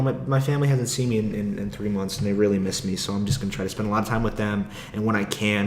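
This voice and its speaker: A man's voice: lowish voice, reverberant, slight background noise. A young man, an aspiring comic, rambling casually and with a lot of swearing in a solo podcast monologue, with frequent laughs. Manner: rambling, profane, laughs often.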